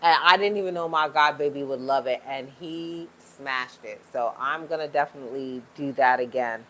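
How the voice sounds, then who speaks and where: A woman's voice: a bass voice, moderate pace, fairly bright tone. A woman hosting a casual livestream from home, chatting with viewers and laughing often. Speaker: livestream host.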